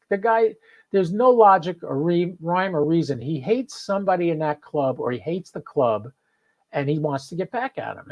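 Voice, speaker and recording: A man's voice: sits high, poor audio. Chatty New man ranting. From New Jersey. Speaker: host. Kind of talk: live podcast chat.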